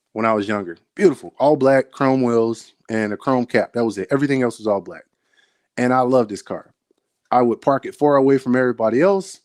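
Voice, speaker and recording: A man gives a motivational talk straight to camera in a dry, close recording. He leans on emphatic repeated phrases and keeps addressing the viewer directly. His pitch sits in a middle range. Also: no room sound. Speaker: soldier giving motivational talks.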